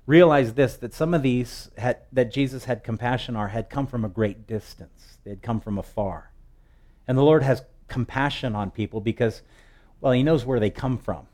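A man's voice: mid-range voice, darkish tone. Man preaching a sermon with swelling emphasis. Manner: preaching with rising emphatic swells and slow, drawn-out scripture readings. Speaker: pastor.

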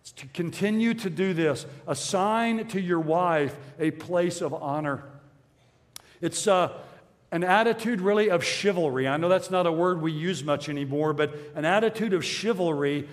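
Earnest preaching man, slightly high voice. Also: long reverb tail. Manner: earnest, measured preaching with repeated phrases. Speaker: pastor. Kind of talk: sermon.

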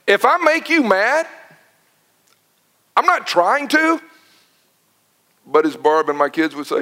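A middle-aged man preaching a sermon as pastor, telling stories with lively quoted dialogue. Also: sits high, takes it slowly, long pauses. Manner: animated storytelling with quoted dialogue.

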